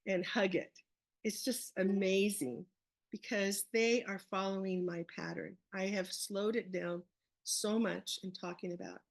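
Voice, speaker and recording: A woman's voice: mid-range voice, steady tone, a little slow, gravelly, no echo. A woman leading a webinar on early reading, walking through her teaching step by step and asking questions she then answers herself. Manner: explains step by step, asks questions and answers them.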